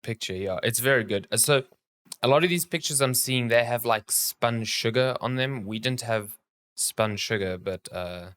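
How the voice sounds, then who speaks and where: A man's voice: medium pitch, normal speed, fairly bright tone, clean tone. A man with a South African accent co-hosting a casual podcast over a call, telling loose, joking stories full of fillers and trailing sentences. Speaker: podcast co-host. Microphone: remote call mic.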